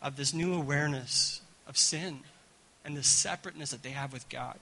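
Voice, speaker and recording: A man preaching a sermon at a church gathering, talking in an animated way and stumbling over repeated words. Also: on the high side, fairly quick, creaky, slight background noise, rough recording. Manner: animated, repeats words, keeps asking "right?". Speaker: guest pastor.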